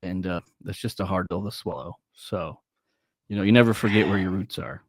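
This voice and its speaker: Wry, lower-voiced podcast co-host. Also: male voice, steady tone, brisk, husky, no echo, clean studio sound. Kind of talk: casual podcast chat.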